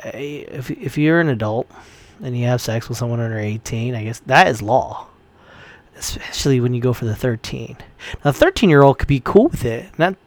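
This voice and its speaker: A man's voice: mid-range voice, dry recording. A man ranting in a casual commentary, heated and profane, rambling with frequent restarts.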